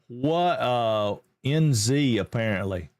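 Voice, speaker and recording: A man from Georgia with a Southern American accent, hosting a live game stream in casual, upbeat chat and greeting viewers excitedly. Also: mid-range voice, slow pace, dry recording, clean studio sound. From Georgia, USA.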